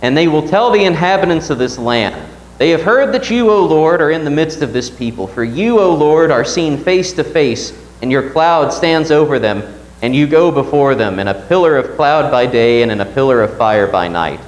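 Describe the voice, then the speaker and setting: A man's voice: a little high, lively intonation, normal speed, reverberant, poor audio. A man teaching a Sunday Bible class at church, reading scripture aloud and asking the class questions.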